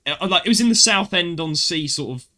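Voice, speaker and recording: London guy hosting a chatty podcast, kinda high voice, tells stories with lots of laughs. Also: fairly quick, a crowd in the background. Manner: animated storyteller, acts out dialogue, laughs often. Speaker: podcast host. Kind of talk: casual chat.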